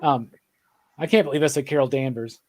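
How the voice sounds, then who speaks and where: With a medium-pitched, darkish voice at a slightly fast pace, a man co-hosts a podcast about comics while drinking beer. He rambles eagerly, restarts often, and asks "right?" a lot, over a little hiss or hum.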